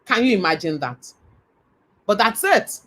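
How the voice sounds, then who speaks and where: A middle-aged Nigerian woman giving a motivational talk, telling stories in an animated, earnest way. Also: medium pitch, a little slow. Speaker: motivational speaker.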